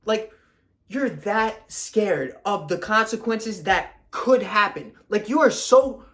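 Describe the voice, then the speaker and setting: A man's voice: high voice, slow pace, fairly bright tone. A young man, a fitness coach, ranting to camera in a blunt, profane, confrontational way.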